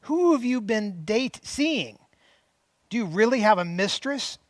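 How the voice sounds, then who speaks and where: A man reading aloud and voicing a middle-aged actress confronting her husband in sharp, accusing tones. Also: high voice, expressive, unhurried, no room sound, studio quality, pitched above the performer's own voice. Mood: indignant.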